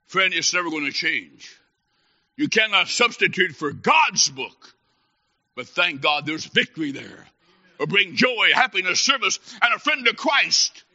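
A man preaching a humorous sermon as a Baptist preacher, telling stories with mock excitement and then dropping to soft, earnest tones. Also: high voice, unhurried, lo-fi sound.

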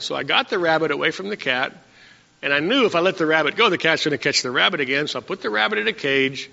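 A male pastor preaching a sermon, reading scripture slowly and then telling homespun stories to his congregation. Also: on the high side, animated, gravelly, bright, forceful tone. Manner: reads verses slowly, then tells folksy stories. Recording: dull lo-fi church recording with long reverb.

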